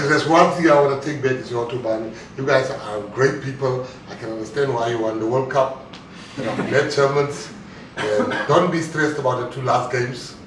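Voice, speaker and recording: In an echoey event hall, a South African man speaks live to an audience as a guest speaker, joking and acting out what other people said. His voice sits at a medium pitch and moves at a moderate pace. The mic is far away and the recording is noisy.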